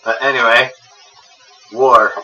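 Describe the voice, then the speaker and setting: Profane riffing man, distant and noisy. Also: slow pace. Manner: profane, absurd riffing, sudden squeaky outbursts. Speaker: podcast co-host. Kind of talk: casual chat. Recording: distant mic with steady noise.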